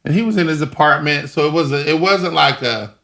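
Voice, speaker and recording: A young man speaks as an interview guest with a bright, gravelly voice pitched a bit high. He tells his stories with lots of animation and laughter, putting on the voices of the people in them. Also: fairly quick. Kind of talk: casual storytelling interview.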